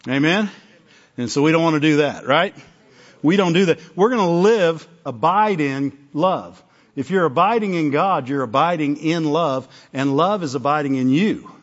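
Conversational preacher with a dull recording. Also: male voice, a little high, animated, normal speed. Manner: conversational, self-interrupting, acts out little dialogues. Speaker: pastor. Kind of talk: sermon.

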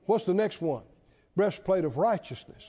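A man's voice: high voice, lively intonation, moderate pace, warm tone. A man preaching a sermon to a congregation, emphatic and repetitive, often asking the listeners questions. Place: church. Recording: dull, lo-fi church hall reverb.

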